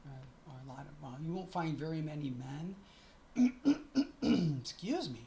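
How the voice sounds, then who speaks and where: A woman's voice: low voice, big pitch swings, measured pace, dark tone, a little hiss or hum. A middle-aged woman chatting to camera in a casual vlog, often stopping to correct herself. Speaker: vlogger.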